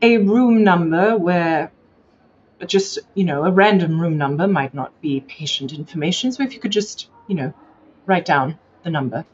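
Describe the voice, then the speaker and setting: A woman puts on a haughty British lady with a genteel, condescending way of talking, sweetly calling strangers dear and children. The voice sits fairly low, and the recording sounds dull and muffled. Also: normal speed, slight background noise, close to an everyday voice. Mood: insistent. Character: prim, pompous older British lady journalist.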